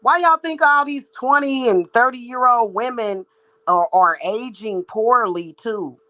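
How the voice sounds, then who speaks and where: A woman's voice: on the high side, unhurried, bright, forceful tone, low-quality recording. Psychic lady ranting at her viewers, blunt and cussing a lot. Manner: blunt, profane, heated. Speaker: psychic reader and spiritual practitioner. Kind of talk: ranting vlog monologue.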